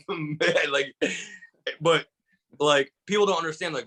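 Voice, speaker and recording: A man's voice: on the high side, measured pace, long pauses, low-quality recording. A young man from Michigan, a stand-up comedian and podcast guest, telling stories in casual chat full of "like" fillers. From Michigan, USA. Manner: animated storyteller, heavy use of "like" fillers.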